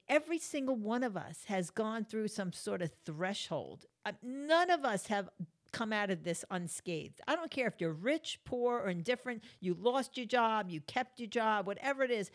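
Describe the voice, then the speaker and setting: A middle-aged woman talks through spiritual self-help in a loose, chatty way. She tells her stories animatedly, acting out her own bursts of anger. Her voice sits at an ordinary middle pitch for a woman. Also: expressive, moderate pace. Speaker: vlogger giving life advice.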